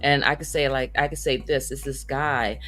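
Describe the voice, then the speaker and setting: Low-voiced animated woman comedian. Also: normal speed, faint music behind. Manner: animated, jumps into high squeaky voices when quoting people. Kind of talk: casual storytelling monologue. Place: Las Vegas.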